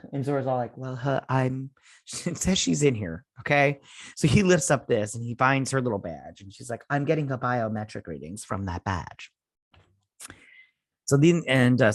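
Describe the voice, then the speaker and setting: A medium-pitched male voice, recorded at studio quality with no room sound, belongs to a TV breakdown host. He recaps an episode in a casual, sarcastic rant, laughing often, swearing, quoting characters mockingly, and trailing off with filler words.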